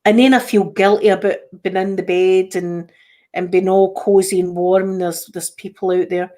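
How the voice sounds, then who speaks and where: A woman's voice: mid-range voice, steady tone, moderate pace, warm tone. A Scottish woman hosting a casual livestream chat, rambling with lots of restarts. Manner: chatty, rambling, frequent restarts. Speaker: livestream host.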